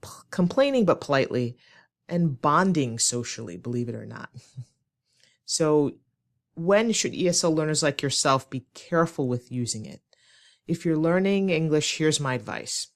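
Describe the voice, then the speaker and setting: A woman English teacher, giving a clear, demonstrative lesson and acting out short example lines. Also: low-pitched, sing-song. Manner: slow, clear, demonstrative delivery with acted examples. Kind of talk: scripted ESL lesson.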